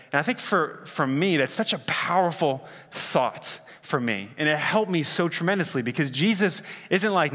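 A man's voice: fairly high pitch, animated, moderate pace, a bit bright. A man preaching a sermon in a casual, earnest way, with lots of fillers and slang. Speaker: pastor. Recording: reverberant hall.

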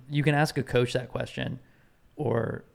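A man co-hosting a casual sports chat, ranting bluntly with plenty of swearing, his voice getting a little hoarse. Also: mid-range voice, slow pace. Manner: blunt, profane, animated ranting. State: losing his voice. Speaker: podcast co-host.

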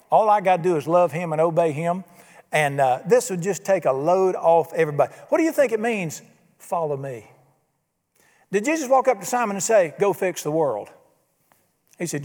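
This male pastor preaches from the pulpit with lively intonation and a brisk pace. His voice runs high for a man yet has a darkish tone, and he speaks folksily, throwing in rhetorical questions, while the church hall lends a long reverb.

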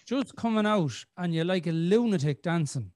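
A man's voice: high voice, animated, normal speed, a little mellow, dry recording. A middle-aged man, hosting a podcast as a rambling storyteller who swears freely. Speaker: podcast host. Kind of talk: casual chat.

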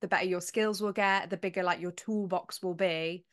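A woman's voice: fairly low pitch, fairly even intonation. Upbeat woman hosting a chat. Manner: encouraging, quick to react with praise. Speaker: podcast host. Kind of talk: casual interview chat.

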